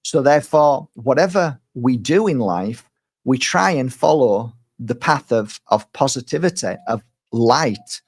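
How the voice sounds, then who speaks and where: A middle-aged man who works as a spiritual healer talks to his viewers in a loose, rambling way. He often circles back, repeating words and restarting his sentences. His voice sits at an ordinary, middle pitch for a man. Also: lively intonation, measured pace, slightly rough. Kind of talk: casual spiritual talk to viewers.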